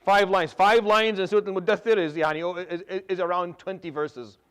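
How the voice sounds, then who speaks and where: A quick, high-voiced middle-aged man teaching a Quran lesson. He talks in an animated rush, restarting and repeating words and dropping in Arabic terms as he explains. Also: smooth. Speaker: Quran teacher giving tafsir. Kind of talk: religious lesson.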